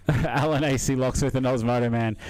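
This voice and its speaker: This middle-aged Aussie has a mid-range, somewhat dark voice and keeps his live-stream chat easygoing. Rambling along, he breaks into chuckles often and plugs gaps with lots of fillers.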